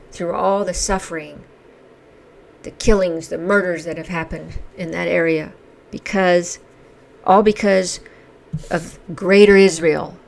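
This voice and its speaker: A woman speaking in a lowish, gravelly voice, delivering a heated commentary to camera. She talks with indignant emphasis, pressing hard on key words as she airs her views. Her tone stays passionate and emphatic throughout. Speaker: commentary vlogger. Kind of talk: emotional opinion monologue.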